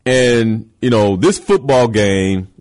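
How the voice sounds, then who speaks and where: A man's voice: fairly low pitch, takes it slowly, a little mellow. A man hosting a show, giving an emphatic motivational talk with rhetorical questions and repeated key words.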